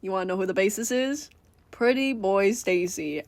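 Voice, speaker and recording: A woman's voice: mid-range voice, moderate pace, gravelly, no echo. A young woman telling a rambling, casual story about her characters, swearing often.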